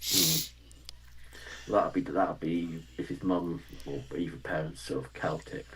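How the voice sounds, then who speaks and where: A man's voice: a bass voice, steady tone, measured pace, very noisy. A man from England with a received pronunciation English accent, chatting casually with a dry, teasing humor. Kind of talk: casual chat.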